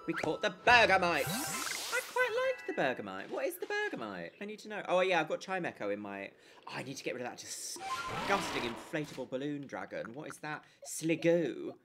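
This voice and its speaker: A woman on a casual live stream, playing a game and chatting with her chat in an animated, giggly way. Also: low voice, normal speed, loud music behind the voice.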